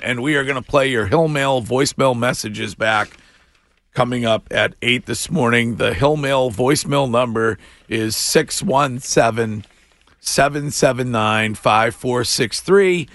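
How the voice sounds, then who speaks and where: Lively man hosting morning radio. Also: mid-range voice, dry recording. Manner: animated, quick to laugh. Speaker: radio morning show host. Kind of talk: radio talk and live ad reads.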